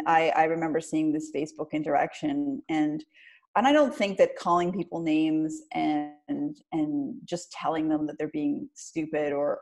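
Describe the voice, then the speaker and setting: Thoughtful lower-voiced woman guest. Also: vocal fry, darkish tone. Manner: thoughtful, hesitant, many restarts. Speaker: podcast guest. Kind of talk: casual conversation.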